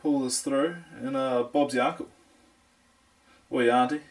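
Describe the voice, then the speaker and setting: A man's voice: mid-range voice, fairly even intonation, unhurried. A young man with a New Zealand accent giving a casual, jokey hands-on review of computer parts, rambling with fillers. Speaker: tech reviewer.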